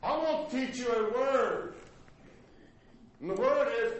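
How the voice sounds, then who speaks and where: A male pastor preaching a sermon, swinging from loud highs to low murmurs. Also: animated, unhurried, pauses often. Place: church sanctuary. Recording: echoey hall with faint noise.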